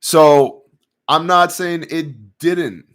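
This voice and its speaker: A man's voice: on the high side, very slow. A man hosting a casual news commentary show, rambling through hypotheticals in a sarcastic tone. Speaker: host.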